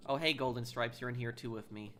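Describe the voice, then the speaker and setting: A man live-streams a game with a bright, forceful, medium-pitched voice, chatting casually and thanking viewers. Reading the chat, he's talkative but halting, often stumbling and restarting sentences.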